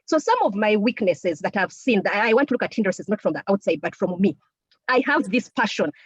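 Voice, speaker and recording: A woman speaking to a women's group as a co-founder and technical officer, lively and animated, laughing often and speaking straight to her listeners. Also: mid-range voice, brisk, slightly rough, no echo. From Uganda. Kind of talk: motivational talk. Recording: dull lo-fi sound.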